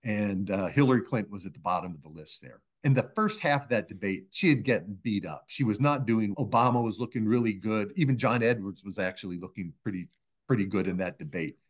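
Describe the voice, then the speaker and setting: This middle-aged man speaks with a fairly low voice as a guest pollster on a podcast. He tells stories in a measured, unhurried way, slipping into the voices of the people he quotes. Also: animated. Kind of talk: anecdotal storytelling in a podcast interview.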